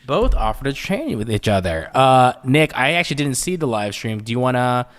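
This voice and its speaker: A young man co-hosts a loose, joking podcast, sometimes reading out news items. His voice sits at a medium pitch. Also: very animated, normal speed, fairly bright tone. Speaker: podcast co-host. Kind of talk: casual chat.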